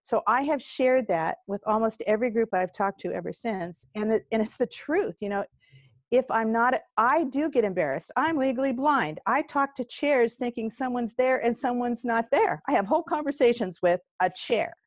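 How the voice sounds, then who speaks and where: An older woman, a singer-songwriter and courage coach, tells stories in a casual interview, animatedly acting out the voices she quotes. Her voice is a little high at normal speed, with no echo.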